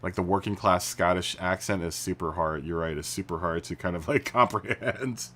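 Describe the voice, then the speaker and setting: A man's voice: deep voice, normal speed, bright, forceful tone. A man live streaming a racing game, chatting casually with viewers, laughing often and restarting his sentences. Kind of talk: casual chat while gaming. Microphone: studio mic through mixer.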